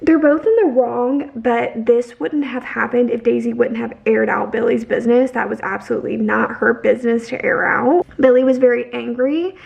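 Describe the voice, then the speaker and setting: A woman with a fairly high voice and a lot of vocal fry talks through a book's story in a casual recap. She rambles, restarts her sentences and leans hard on her opinions. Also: steady tone, normal speed, hardly any pauses, muffled recording. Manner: rambling, heavy on fillers and restarts; emphatic, opinionated. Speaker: book vlogger.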